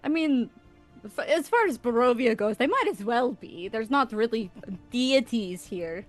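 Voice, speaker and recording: A woman playing a character in a tabletop game, talking earnestly and haltingly with many fillers. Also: fairly high pitch, expressive, soft background music. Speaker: player. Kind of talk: in-character tabletop role-play.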